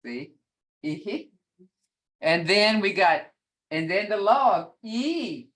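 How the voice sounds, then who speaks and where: An older woman leads an online beginner language class at a very unhurried pace. She repeats each word patiently and chuckles often as she explains. Her voice has a middle pitch for a woman. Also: lively intonation, fairly bright tone. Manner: slow, patient, repeats words to model sounds. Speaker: language teacher. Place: video call.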